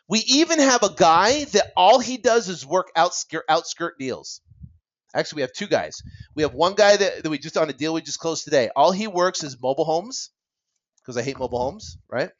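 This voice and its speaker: Man, real estate coach, energetic, animated, rhetorical asides, lo-fi dull recording. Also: on the high side. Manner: fast, animated, acts out seller dialogue, many "right?" asides. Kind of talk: energetic teaching talk.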